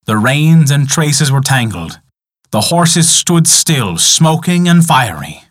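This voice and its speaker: A man narrating a folk tale in an expressive, dramatic storytelling style. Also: fairly high pitch, slow, no room sound, studio quality.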